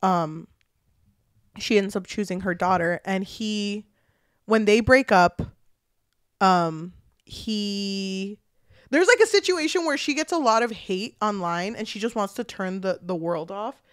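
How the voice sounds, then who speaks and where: A woman's voice: medium pitch, unhurried, dry recording. Woman on a book podcast, gushing and swearing, dead dry mic, mid voice. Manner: animated retelling with frequent swearing. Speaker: podcast co-host. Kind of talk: casual book chat.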